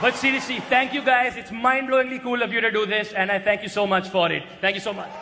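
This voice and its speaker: A man doing a stand-up roast on stage, mocking his targets with crude punchlines and often shouting them. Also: high voice, flat delivery, fast. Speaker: roast comedian. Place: large hall with a live audience. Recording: echoey hall recording with crowd noise.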